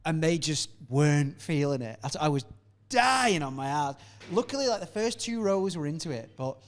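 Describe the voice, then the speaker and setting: A man chatting casually as a guest comedian on a podcast, telling stories in an animated way with frequent laughs and acted-out quotes, often stammering and restarting. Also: fairly high pitch, normal speed.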